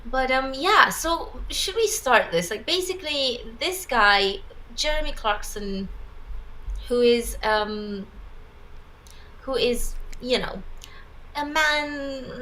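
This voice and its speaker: A woman's voice: sits high, lively intonation, slow, sharp tone, low-quality recording. A woman co-hosting a casual livestream chat, talking loosely, laughing often and trailing off mid-thought. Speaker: livestream co-host.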